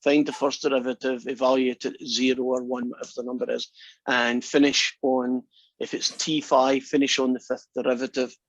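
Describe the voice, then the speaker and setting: A man's voice: medium pitch, flat delivery, a little fast, no echo. Chatty male math teacher, dry lo-fi sound. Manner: chatty and joking, talks through steps conversationally. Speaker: math instructor. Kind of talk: casual classroom lecture. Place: classroom. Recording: dry, dull lo-fi lecture recording.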